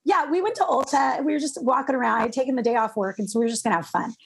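Devotional author, woman, lively storyteller, high gravelly voice. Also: very fast, background noise. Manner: animated, laughing, acts out voices in stories. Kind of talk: casual storytelling.

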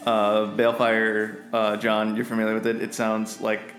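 A man's voice: on the low side, completely flat delivery, moderate pace, a bit bright, reverberant, soft background music. A man narrating as game master in a casual, rambling way. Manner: casual, many fillers and restarts.

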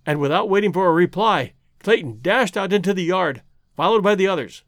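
A man reading an adventure story aloud as an audiobook narrator, with dramatic, expressive delivery. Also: high voice, fairly quick, dry recording, studio quality. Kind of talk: scripted narration.

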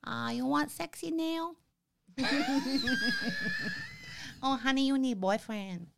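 A woman's voice: high-pitched, animated, slow, vocal fry, heavy background noise, pitched above the performer's own voice, heavily acted. A woman voicing a flirty female nail-salon worker in an exaggerated sing-song put-on voice. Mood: teasing.

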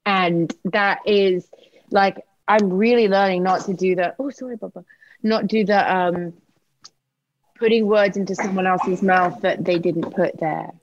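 A woman's voice: mid-range voice, fairly even intonation, a little slow, dull audio. A woman talking candidly in a casual chat, swearing freely and laughing often.

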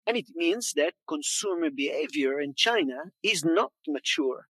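A man in his fifties from Montreal with a Quebec French accent, giving a conference presentation, often repeating words for emphasis and pausing on fillers. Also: a little high, expressive, fairly bright tone, husky, dry recording. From Canada, Montreal. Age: 50s. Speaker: conference speaker.

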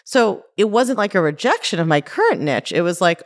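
A woman in her thirties talks through her own coaching podcast in a low, grounded voice. She speaks casually and directly, with lots of "like" and "right?" and the odd curse word. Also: animated, brisk, few pauses, fairly bright tone. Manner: conversational, frequent "like" and "right?", mild swearing. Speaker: podcast host and life coach. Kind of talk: casual solo podcast talk.

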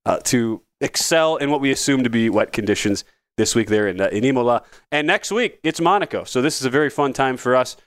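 A man's voice: medium pitch, lively intonation, brisk, no echo. Man, podcast host, casual betting chat, rambling, wry asides, dry sound.

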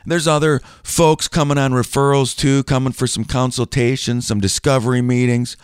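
A man's voice: mid-range voice, level tone, normal speed, clear, resonant tone, dry recording, studio quality. A middle-aged man hosting a podcast as a financial planner, chatty and self-deprecating in a casual style.

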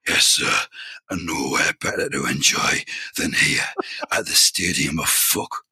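A man voicing a crude, eager male waiter with a Geordie accent in a comedy podcast sketch, gravelly and sweary. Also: a bass voice, measured pace, bright, forceful tone, no echo, clean studio sound, exaggerated voice. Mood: boastful.

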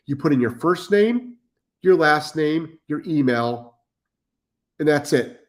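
A man's voice: a little high, animated, takes it slowly. A middle-aged man hosting a live stream as a dog trainer, blunt and profane, repeating himself for emphasis as he reads chat comments.

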